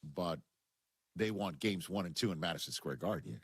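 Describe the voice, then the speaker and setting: A man's voice: sits low, expressive, normal speed, slightly rough, dry recording. A man with a New York accent hosting sports talk radio in a studio, making emphatic, repeated points. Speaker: radio host. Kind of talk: sports talk radio, reading live ads. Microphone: studio microphone.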